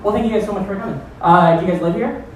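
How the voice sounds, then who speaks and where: Profane rambling comedy club host. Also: male voice, high voice, very fast, a crowd in the background. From Iowa. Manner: rambling, profane, self-deprecating. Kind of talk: stand-up crowd work. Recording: echoey room from far off.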